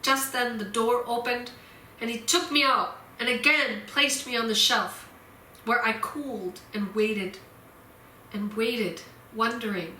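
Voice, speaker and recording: A woman minister delivering a sermon in a church, slow and deliberate, repeating her key points. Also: a little high, bright, forceful tone, slight background noise. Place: church sanctuary. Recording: roomy church echo.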